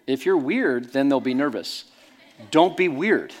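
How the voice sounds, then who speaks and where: A man's voice: medium pitch, measured pace, slight background noise. A man preaching a sermon, telling stories in a candid, emphatic way. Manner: animated storytelling, candid and emphatic. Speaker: pastor.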